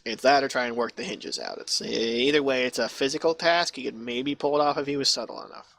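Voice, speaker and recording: A man's voice: medium pitch, a little fast, vocal fry, a bit bright. A man narrating as game master over voice chat, in a loose, chatty way with many fillers. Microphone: online voice chat mic.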